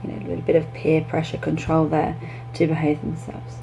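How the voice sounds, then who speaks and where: A young woman, an English teacher, giving classroom tips in a chatty way, breaking into lively demonstrations. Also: low voice, brisk, vocal fry, slight background noise, rough recording.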